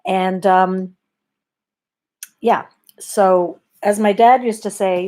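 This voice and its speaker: A woman from Canada telling a bedtime story as a comic storyteller. She is wry and conversational, and she pokes fun at herself, with a medium-pitched voice. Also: fairly even intonation, extremely slow, long pauses, warm tone. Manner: wry, conversational, self-deprecating.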